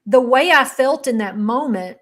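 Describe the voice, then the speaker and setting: A woman's voice: sits high, expressive, moderate pace, a bit bright. A middle-aged woman, telling her own story as an interview guest in a candid, emotional way. She halts often and restarts her sentences.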